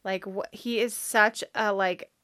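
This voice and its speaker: A woman with a mid-range voice chatting through scripture on a podcast. She talks in a relaxed, conversational way, often agreeing and laughing along. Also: medium pitch, a little slow. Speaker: podcast co-host. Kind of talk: casual Bible discussion.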